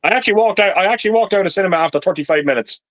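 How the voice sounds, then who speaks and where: High-pitched stammering man, dry sound. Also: racing, a bit bright, dry recording, muffled recording. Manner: blunt, stammering restarts, swears often. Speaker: live stream host. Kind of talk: casual chat about movies. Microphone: video call.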